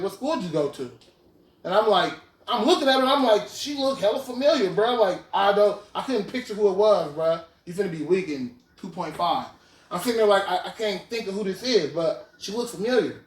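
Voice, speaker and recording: A man in his twenties hosting a podcast, casually retelling a story in slang and often asking "you feel me". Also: sits high. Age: 20s. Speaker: podcast host. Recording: roomy, distant mic.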